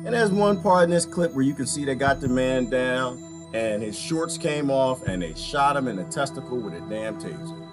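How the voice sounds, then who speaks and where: A man's voice: mid-range voice, expressive, moderate pace. A man giving a fired-up, repetitive political rant while commenting on a video clip. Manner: impassioned, repetitive, preachy. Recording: music playing underneath.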